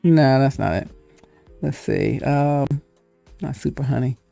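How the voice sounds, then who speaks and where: A woman's voice: extremely low pitch, measured pace, creaky, warm tone, soft background music. A woman hosting her own video, chatting casually and thinking aloud, laughing often. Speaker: host. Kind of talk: casual chat.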